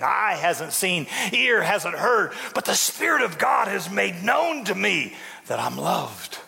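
A man's voice: high-pitched, creaky, bright, forceful tone, breathy edge, in a large hall. A man, a bishop, preaching a sermon in a folksy, dramatic storytelling way with joking asides to his congregation.

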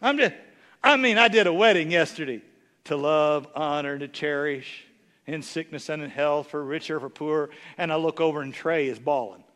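A man with a high, bright, ringing voice preaches with a drawl. He rambles through funny stories, then punches his points home in loud, rising bursts. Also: normal speed. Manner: folksy, humorous storytelling with rising emphatic bursts. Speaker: bishop preaching. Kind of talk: sermon.

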